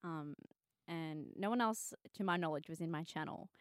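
A woman's voice: sits low, normal speed, clear, resonant tone, no room sound, clean studio sound. A young woman streamer, a guest on a casual podcast, talking in a chatty, bubbly way with lots of fillers.

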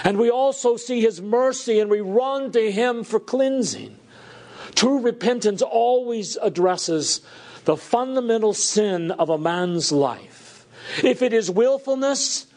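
A man preaching a sermon to a congregation, earnest and emphatic, with deliberate phrasing. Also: sits high, a little mellow. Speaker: pastor.

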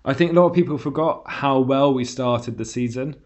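A man's voice: medium pitch, brisk, darkish tone. A man hosting a casual football fan podcast. He talks in a reflective way and steers the conversation. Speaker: podcast host.

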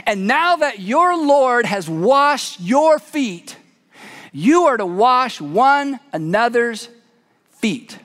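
A man's voice: extremely high pitch, normal speed, fairly bright tone. A man preacher voicing Jesus as an earnest, patient teacher in a sermon. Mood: emphatic. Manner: earnest, explaining, emphatic. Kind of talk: sermon storytelling. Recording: long hall reverb.

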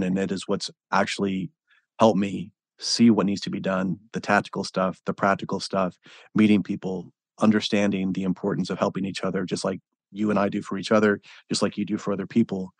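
A man hosting a podcast, talking enthusiastically and warmly affirming his guest. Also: deep voice, little pitch movement, brisk, creaky, no echo. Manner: enthusiastic, affirming, swears casually. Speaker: podcast host. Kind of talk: casual conversation.

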